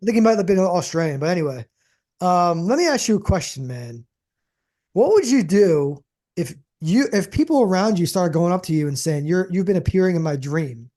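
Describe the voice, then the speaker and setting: A man's voice: sits high, very animated, moderate pace, warm tone. A man co-hosting a podcast in rambling casual chat, restarting his sentences and tossing in dude and man. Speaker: podcast co-host.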